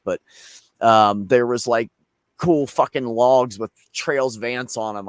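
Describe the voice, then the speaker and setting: With a fairly low voice, a Pennsylvania man who co-hosts a show rambles through a profanity-laced story, bringing the characters to life with animated quoted lines. The audio is studio quality and free of room sound.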